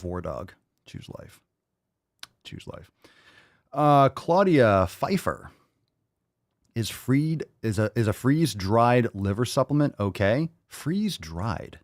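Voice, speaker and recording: A man's voice: mid-range voice, no echo, studio quality. Blunt, profane male podcast host. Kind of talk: live Q&A chat.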